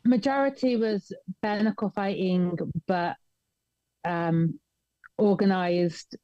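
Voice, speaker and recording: A woman's voice: mid-range voice, fairly even intonation, slow pace, no echo, dull audio. A woman from the United Kingdom, a fighter guest, giving short, hesitant answers full of fillers over a video call.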